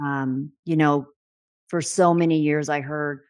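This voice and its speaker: Low-voiced woman podcast host. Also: fairly even intonation, a little slow, no echo, studio quality. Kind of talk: casual interview chat.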